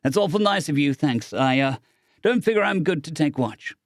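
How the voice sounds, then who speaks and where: A man's voice: on the high side, lively intonation, moderate pace, no echo, voice pushed up, lightly acted. A trembling young boy pilot, scared but brave, with a folksy and shaky way of speaking, as a man puts him on. The voice sits well above a man's usual range and is recorded close and dry. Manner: shaky, folksy, saying aye. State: shaky breathing.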